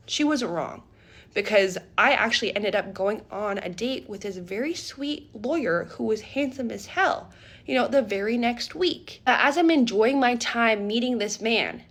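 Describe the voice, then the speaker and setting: A young woman casually retelling a wild dating story in a storytime vlog, animated and dramatic, often asking "okay?". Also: on the high side.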